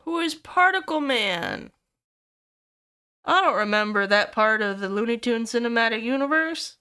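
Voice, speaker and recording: A young adult woman streamer chatting casually with viewers, excitable, swearing freely and squealing over cute things. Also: on the high side, normal speed, clear, resonant tone. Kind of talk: casual livestream chat with viewers.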